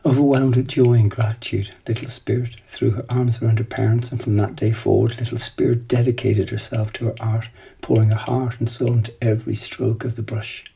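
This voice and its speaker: A man giving scripted storybook narration in a slow, measured, reflective manner. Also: medium pitch, level tone, creaky, warm tone, slightly rough, poor audio.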